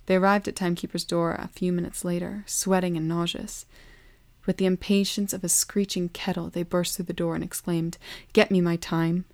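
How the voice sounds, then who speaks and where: Calm low-voiced woman storyteller. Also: fairly quick, dry recording. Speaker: narrator. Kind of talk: storybook narration.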